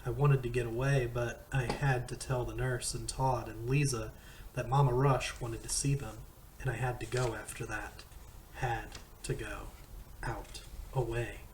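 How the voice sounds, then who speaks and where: A man reading a novel aloud in a slow, measured first-person narration. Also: mid-range voice, flat delivery, noisy background. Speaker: audiobook reader.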